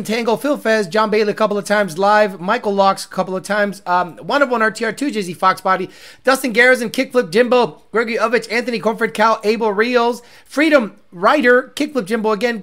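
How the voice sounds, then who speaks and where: Brash, cursing male streamer. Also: high voice. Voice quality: profane, loud and brash, shouts sponsor names. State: congested, out of breath. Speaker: car-scene livestream host. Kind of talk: profane casual livestream rant.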